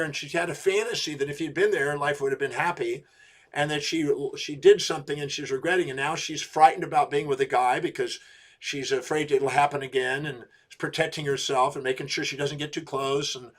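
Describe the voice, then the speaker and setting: Emphatic man with a higher voice. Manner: emphatic, questioning storyteller who repeats words. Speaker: self-help speaker. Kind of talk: teaching talk with retold client story.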